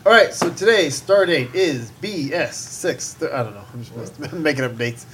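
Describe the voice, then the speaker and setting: Animated podcast host man. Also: a little high, normal speed, a little hiss or hum. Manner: animated, playful, sings the intro. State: drinking tequila. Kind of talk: casual podcast chat.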